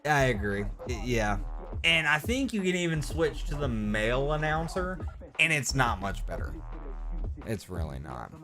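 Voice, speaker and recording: A stuffy, sore-throated man talks through a late-night game stream with music playing behind him. His voice swings widely and animatedly in pitch as he rambles and cuts himself off mid-thought. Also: moderate pace. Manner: rambling, animated, self-interrupting.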